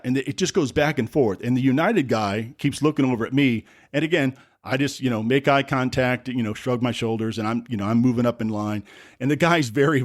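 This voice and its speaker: A man's voice: mid-range voice, dry recording, clean studio sound. Wry American man telling a story. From United States. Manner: rambling, self-correcting, wry asides. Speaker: podcast host. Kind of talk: casual storytelling monologue.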